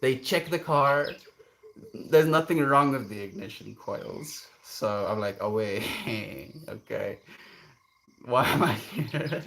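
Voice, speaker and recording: A man's voice: lowish voice, takes it slowly, gravelly. Rambling man telling a story. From South Africa. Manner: rambling, repeats words, animated. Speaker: streamer. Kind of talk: casual storytelling on a stream.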